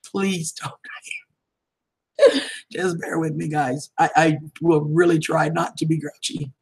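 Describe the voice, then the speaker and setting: A woman in her fifties talks straight to her livestream audience in a relaxed, chatty way. Her voice is husky and a little breathy. She greets viewers by name, calls them honey and sweetheart, and laughs often. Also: deep voice, normal speed, poor audio. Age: 50s. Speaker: livestream vlogger. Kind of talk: casual livestream chat reading viewer comments.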